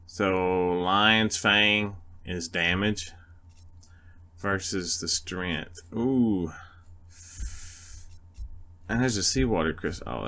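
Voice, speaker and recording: Slow, laid-back male gamer. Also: low voice, sharp tone. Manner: laid-back, thinking aloud. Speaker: let's play gamer. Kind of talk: casual gameplay commentary.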